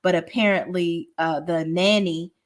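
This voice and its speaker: A woman's voice: fairly low pitch, fairly even intonation, measured pace. A woman giving a casual, blunt and profane recap of a reality show, often restarting her sentences as she talks. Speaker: reality TV reviewer.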